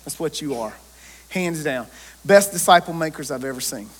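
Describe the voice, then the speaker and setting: A man, a pastor preaching a lively sermon and joking with his congregation. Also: a little high, moderate pace, husky.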